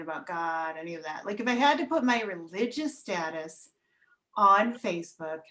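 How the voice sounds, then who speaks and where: Slow, wry woman doing stand-up. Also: mid-range voice, fairly bright tone. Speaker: stand-up comedian. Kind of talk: stand-up comedy set on a video call.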